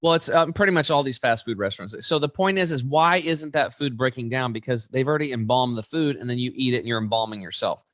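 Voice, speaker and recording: A man in his forties, a guest in an interview, telling stories in an animated, emphatic way. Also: medium pitch, quick pace, few pauses, no echo, studio quality. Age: 40s.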